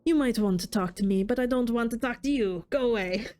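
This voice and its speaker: A woman's voice: medium pitch, brisk, mellow, smooth, natural voice. A woman voicing a haughty, unfriendly house cat in a game, with a put-on French accent and an aloof, dismissive manner.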